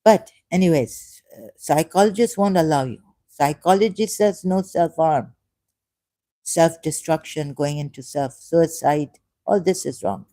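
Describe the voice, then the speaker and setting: A woman from Pakistan, an ex-Muslim speaker sharing views, delivers a rambling, digressive monologue in a low, mellow, warm voice at an unhurried pace. She repeats phrases and swings from soft asides to emphatic, raised outbursts. The recording is dry and close, with no room sound.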